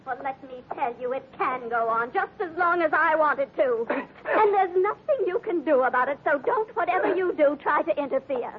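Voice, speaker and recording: A spoiled, headstrong young heiress who snaps at everyone in a high, lively voice. Vintage radio drama acting, heard through a tinny old broadcast with faint hiss. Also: female voice, normal speed. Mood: scornful. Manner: scornful, snapping. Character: headstrong rich young woman, spoiled, impetuous.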